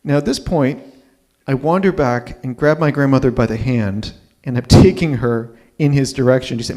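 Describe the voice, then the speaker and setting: A man's voice: medium pitch, normal speed, a little mellow. Guy in his 50s telling a story live, chatty, keeps asking the crowd right?. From Ontario, Canada. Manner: conversational, checks in with the audience.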